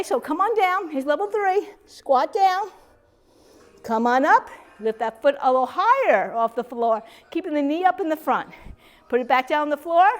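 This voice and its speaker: Lively, encouraging woman fitness instructor. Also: sits high. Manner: upbeat and encouraging, with loud whoops. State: a little out of breath. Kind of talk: instructing a seated strength class.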